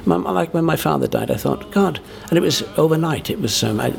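A man, a performer, talking in a halting interview manner full of restarts. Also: a little high, lively intonation, gravelly. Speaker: guest, impressionist performer. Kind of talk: conversational interview.

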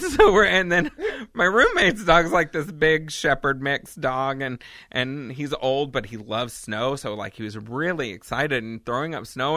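A woman co-hosting a podcast, telling a story in a casual, animated way and laughing often. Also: deep voice, no room sound, clean studio sound. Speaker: podcast co-host.

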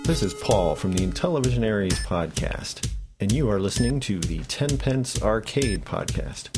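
A man's voice: lowish voice, expressive, normal speed, music in the background. Man hamming up a fake British accent. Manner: playing at a fake British accent, self-mocking. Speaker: guest recording a promo. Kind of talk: jokey comedic promo.

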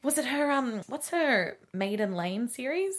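Animated woman with lively pitch. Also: measured pace. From Middle Eastern background. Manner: animated, swearing, acts out quotes in a high voice. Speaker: podcast co-host. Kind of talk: casual chat.

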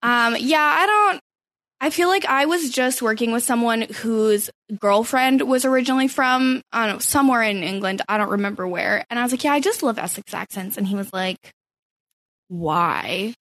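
A young adult woman chatting casually on a podcast, enthusiastic and quick to laugh. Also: fairly high pitch, fairly bright tone, no room sound.

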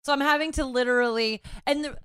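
A young woman, a first-time mother, telling a story in casual chat, animated and swearing freely. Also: high voice, quick pace, smooth, no room sound, clean studio sound.

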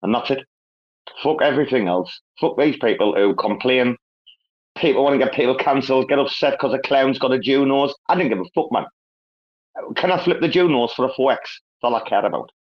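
A man's voice: mid-range voice, brisk, highs cut off. Sweary English man laughing through stories. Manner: profane, laughing, storytelling with a northern English slang. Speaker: host. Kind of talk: casual crypto community chat.

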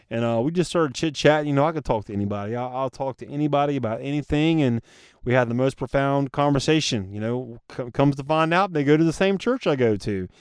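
A man talks earnestly on his own podcast, casual and encouraging, and he keeps calling his listeners guys. His voice sits a little high for a man and comes through smooth and clear. The sound is dry and close, with no room echo. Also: darkish tone. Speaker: podcast host. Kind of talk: motivational solo podcast talk.

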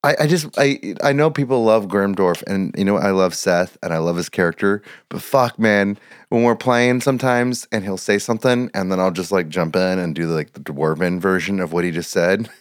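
A man's voice: sits low, moderate pace, no echo, studio quality. A man in casual podcast chat as a tabletop game player, rambling and restarting his sentences, laughing often, talking into a headset microphone.

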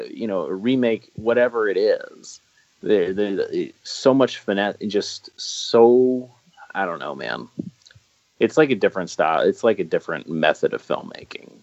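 A low-voiced man talks on a podcast in a loose, rambling way, circling back and restarting his sentences with eager enthusiasm. The recording is dry and close, with a dull, lo-fi tone. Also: dry recording. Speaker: podcast co-host. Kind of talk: casual podcast chat about films. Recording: dull lo-fi sound.

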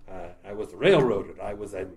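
A man putting on an impression of a sinister horror-film doctor, a former convict, speaking slowly and gravely in a lowered voice. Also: animated, darkish tone, natural voice. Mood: deadpan menace.

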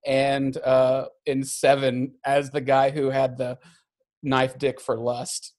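A man co-hosting a casual film review chat, animated and quick to laugh, with frequent swearing. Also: medium pitch. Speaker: podcast co-host.

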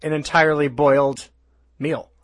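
A man's voice: on the high side, flat delivery, moderate pace, no echo. A young man co-hosting a comedy podcast, teasing his friend in a wry, joking way and laughing often. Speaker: podcast co-host. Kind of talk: casual comedy chat.

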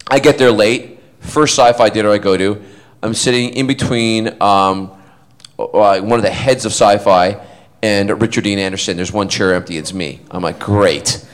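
A middle-aged man, a guest on a convention fan panel, speaks at a moderate pace in a voice on the low side. Telling funny stories casually on stage, he animates them by acting out each quote.

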